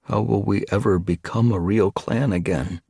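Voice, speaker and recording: A man's voice: normal speed, creaky, darkish tone, breathy edge, dry recording, studio quality. A man voicing a nervous, gloomy male warrior cat in a storybook reading, speaking anxiously in a raised voice. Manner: anxious and pleading, pitch raised.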